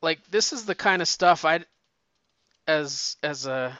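Rambling, profane man with bright voice. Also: on the high side, animated, slow, no room sound. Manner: rambling, profane, frequent restarts. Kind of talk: casual chat. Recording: dull lo-fi recording.

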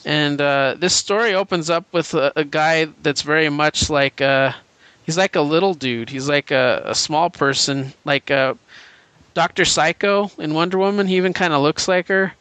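Bright, clear-voiced man in casual chat. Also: on the high side, normal speed, no echo. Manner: rambling, enthusiastic retelling with frequent fillers and laughs. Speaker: podcast co-host. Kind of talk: casual comic book chat.

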